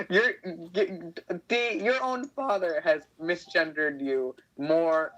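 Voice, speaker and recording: A man's voice: a little high, drawn-out words, a bit bright, poor audio. A man hosting a casual chat, laughing often and restarting his sentences. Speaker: host.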